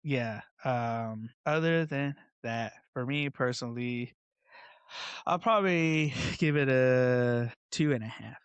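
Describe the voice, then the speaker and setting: Male podcast host, easygoing and rambling, average pitch, dry close sound. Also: slow, clean tone, dry recording, highs cut off. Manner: laid-back, rambling with many fillers. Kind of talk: casual podcast chat.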